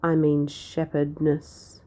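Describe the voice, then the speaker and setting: A woman's voice: deep voice, monotone, slow pace, dark tone. A woman voicing a bumbling man from the town in a read-aloud storybook, stuttering and apologetic. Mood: flustered.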